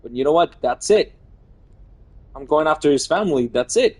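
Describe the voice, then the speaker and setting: A man's voice: fairly high pitch, animated, normal speed, darkish tone. A man in his twenties streaming a game live, rambling through the action, laughing often and swearing. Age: 20s. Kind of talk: casual live game narration.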